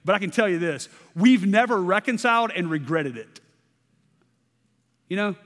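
A man's voice: sits high, expressive, moderate pace, a bit bright. A man in his thirties preaching a sermon in a conversational way, often checking in with "okay?" and repeating words as he restarts. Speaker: pastor. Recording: long hall reverb.

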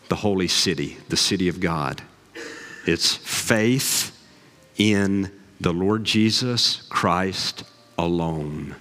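A man, a pastor preaching a sermon with folksy stories and animated asides. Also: sits low. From Southern US. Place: church sanctuary. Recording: long reverb of a large hall.

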